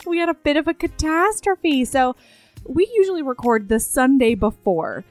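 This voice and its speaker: A woman's voice: high-pitched, expressive, moderate pace, a little mellow, no room sound, faint music behind. Giggly woman host in a dry room. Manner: giggly, reassuring. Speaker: podcast co-host. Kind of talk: casual chat. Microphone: remote call.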